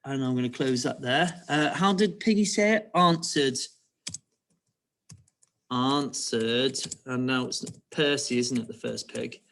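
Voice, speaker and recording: A man's voice: medium pitch, normal speed, gravelly, few pauses, fairly bright tone, slight background noise. A male primary school teacher giving an online writing lesson, patiently walking pupils through each step and checking they follow.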